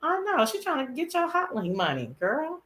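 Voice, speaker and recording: Woman host, bright voice, sassy and foul-mouthed, echoey room. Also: sits high, wildly swooping pitch, normal speed. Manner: sassy, profane, playful. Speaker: show host. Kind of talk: casual live-stream chat.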